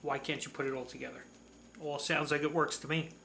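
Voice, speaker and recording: A man's voice: a little high, steady tone, a little fast, vocal fry, bright, forceful tone, reverberant, a little hiss or hum. A man hosting a casual cooking demonstration, chatty and folksy, gushing over the food as he works in a kitchen. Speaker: cooking show host.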